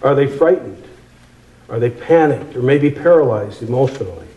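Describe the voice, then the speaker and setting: Male preacher, sermon delivery, emphatic with repetitions, dark mellow timbre, echoey room. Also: medium pitch, expressive, dull audio. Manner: emphatic, repeats phrases for effect, slows on key words.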